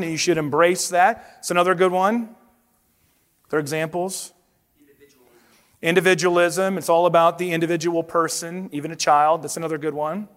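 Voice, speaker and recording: A man's voice: sits high, a bit bright, big-room sound. A man reading a children's story aloud, then giving an interactive talk that asks the audience questions. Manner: engaging, asks the room questions.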